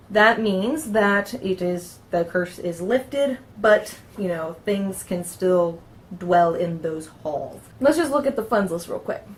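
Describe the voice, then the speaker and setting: A woman hosting a casual tabletop game review, reading passages aloud from the book and chatting about them, often tripping over words and correcting herself. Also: medium pitch.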